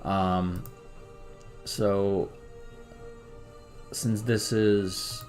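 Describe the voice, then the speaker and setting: A man's voice: lowish voice, level tone, very slow, a little mellow, faint music behind. A man giving casual commentary while playing a strategy game, thinking aloud and muttering to himself.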